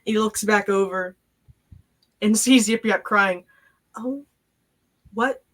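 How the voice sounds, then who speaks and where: A woman's voice: mid-range voice, little pitch movement, slow pace, a bit bright. Woman game master, casual narration, filler-heavy delivery.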